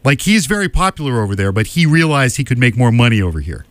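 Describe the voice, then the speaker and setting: A man co-hosting a relaxed news talk show, mid-pitched and unremarkable in tone. He explains the news plainly and slips in dry, wry asides. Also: quick pace, no room sound. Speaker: co-host. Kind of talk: casual news chat.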